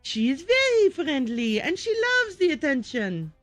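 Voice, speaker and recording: A friendly, gossipy French neighbor from a video game, played by a woman streamer putting on a voice. She talks in a hammy put-on French accent with a lively, swooping lilt. The voice sits close and dry, with faint game music behind. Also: sits high, a little slow, dry recording, voice pushed up. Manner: playful, hammy reading.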